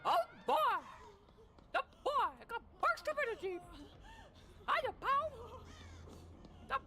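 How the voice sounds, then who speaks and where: A man doing a high, squeaky cartoon-mouse voice pushed from the back of his throat, bouncy and excitable. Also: slow pace, a little hiss or hum, heavily acted. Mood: excited. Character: squeaky cheerful cartoon mouse, male, small. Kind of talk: cartoon voice impression.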